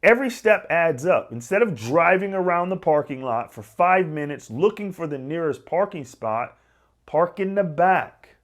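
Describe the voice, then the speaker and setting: High-voiced emphatic male fitness coach. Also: normal speed. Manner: emphatic, repetitive, energetic coaching. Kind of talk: motivational talk to camera.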